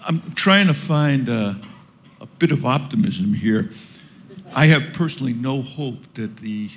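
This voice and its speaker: A man's voice: mid-range voice, lively intonation, a little slow, a little hiss or hum. A man from Brooklyn, an audience member asking a long, wry, informal question. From Brooklyn, New York.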